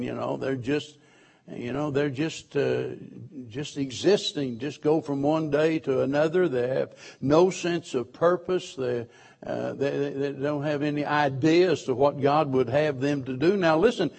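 A man's voice: on the high side, darkish tone. A man preaching a sermon to his church, emphatic, repeating key phrases and asking the listeners questions.

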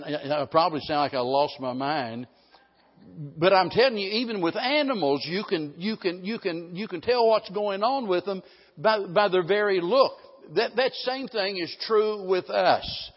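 Middle-aged male pastor, folksy rambling sermon delivery, pitched a little high, muffled lo-fi recording. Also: slightly rough. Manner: folksy, rambling, with many restarts. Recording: dull lo-fi sound with a long hall reverb.

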